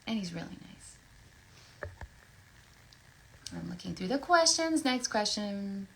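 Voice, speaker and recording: A woman voice actress chatting casually and effusively while signing autographs, thinking out loud as she goes. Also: medium pitch, sing-song, slow pace, vocal fry. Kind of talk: casual livestream Q&A chat.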